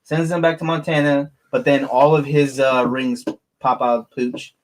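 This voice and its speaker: A man co-hosting a podcast in casual chat, excited and profane, speaking in loose fragments. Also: mid-range voice, normal speed. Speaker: podcast co-host.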